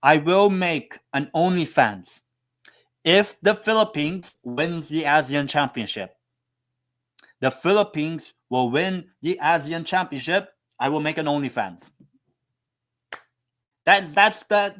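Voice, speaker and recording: A man hosts a live football watchalong, talking loosely to his viewers. His fairly high voice rambles between restarts, swearing often and poking fun at himself. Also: animated, a little slow, a bit bright. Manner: rambling, profane, self-mocking. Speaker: football live-stream host. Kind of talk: casual live watchalong chat.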